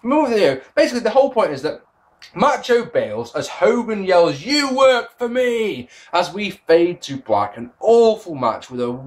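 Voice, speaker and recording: Lively, sarcastic man. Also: high voice, moderate pace. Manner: sarcastic, exasperated, swears freely. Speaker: wrestling reviewer. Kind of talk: casual spoken review.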